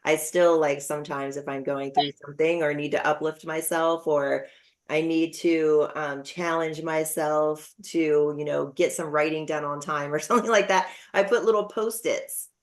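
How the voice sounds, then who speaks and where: A woman's voice: deep voice, steady tone, normal speed. A middle-aged woman hosting a podcast interview, chatting casually with lots of fillers and personal stories. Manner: chatty, warm storytelling with frequent fillers. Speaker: podcast host.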